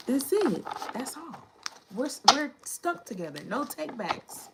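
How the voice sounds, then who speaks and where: A woman's voice: high-pitched, very animated, a little slow, gravelly, very noisy. A woman giving a casual tarot reading, talking in a chatty, slangy way as she thinks aloud about the cards. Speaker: tarot reader. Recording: clicks and card shuffling behind.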